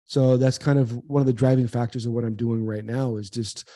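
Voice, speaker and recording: A man's voice: medium pitch, fairly even intonation, brisk, dark tone, dry recording. A man in his forties, a former pro athlete, earnestly telling a personal story in an interview, repeating words as he goes. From United States. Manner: earnest, repeats words, acts out quoted dialogue. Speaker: guest, former pro baseball player and speaker.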